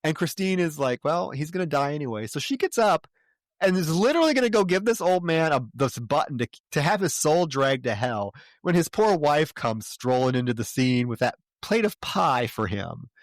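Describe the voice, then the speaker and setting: A man co-hosting a podcast, retelling a movie in casual, profane, animated chat. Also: fairly high pitch, moderate pace, dry recording, clean studio sound. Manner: animated, profane storytelling with laughs. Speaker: podcast co-host. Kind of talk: casual chat recapping a film.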